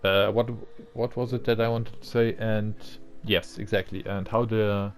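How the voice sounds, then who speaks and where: Rambling low-voiced male game commentator. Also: flat delivery, measured pace. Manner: rambling, thinking aloud, trailing off and restarting. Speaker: let's-play commentator. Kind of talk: casual gameplay commentary.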